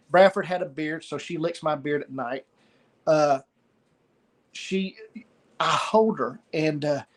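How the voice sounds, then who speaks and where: A middle-aged man, telling a personal story of loss in a halting way, pausing and repeating words. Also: on the high side. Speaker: guest sharing a story of loss.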